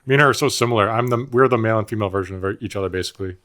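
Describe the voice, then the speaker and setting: A man with a fairly low voice co-hosts a podcast in loose, casual chat. He keeps cracking jokes and laughing, and he slips into silly accents for fun. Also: racing, a bit bright. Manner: jokey, laughs often, plays with silly accents. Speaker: podcast co-host.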